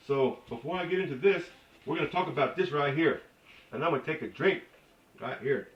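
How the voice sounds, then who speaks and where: A man teaches a casual language lesson in a slightly raised voice, stopping and restarting often and filling gaps with "uh." He sounds a little far from the microphone in a roomy, echoing space. The recording is dull and muffled. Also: fairly high pitch. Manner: halting, many fillers and restarts, joking asides. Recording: echoey dull recording from a distance.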